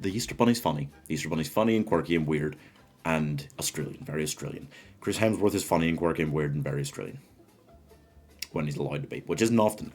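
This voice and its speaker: A man's voice: deep voice, a little mellow. A man hosting a casual fan-casting video, chatty and laughing at his own choices. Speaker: host.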